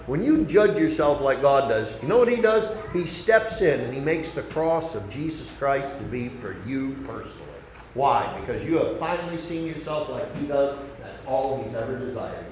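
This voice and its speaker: A man preaching a sermon, folksy and conversational, swinging between loud emphasis and soft asides. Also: mid-range voice, lively intonation, normal speed, echoey room, slight background noise, poor audio.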